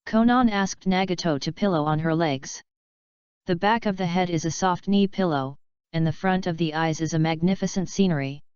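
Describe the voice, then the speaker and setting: A woman narrates an audiobook in an even, measured reading. Her voice is fairly low and very smooth and clear. The recording is dry and slightly dull, with no room sound. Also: dry recording.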